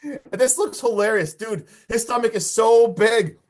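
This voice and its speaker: A man hosting a podcast, excitedly recapping a horror movie in casual chat and acting out lines from it. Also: very high voice, measured pace. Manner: excited, swearing, acts out lines from the film. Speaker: podcast host.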